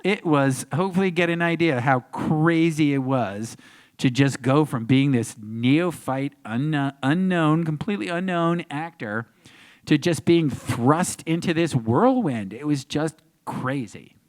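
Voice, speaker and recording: Animated man telling a story on a convention panel. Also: measured pace. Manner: acts out crowds and voices, big pitch jumps. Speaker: actor guest on a convention panel.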